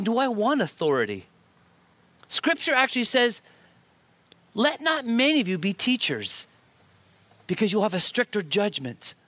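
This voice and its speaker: A male pastor preaching a sermon, lively and emphatic, often repeating his key points. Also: high voice, no room sound. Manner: animated preaching with shifts of emphasis and repetition.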